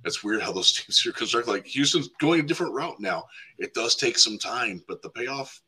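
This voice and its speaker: A man chatting casually as a football guest on a podcast, talking in quick loose runs with lots of 'like' and restarts. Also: mid-range voice, lively intonation, pushed and bright, breathy edge, low-quality recording.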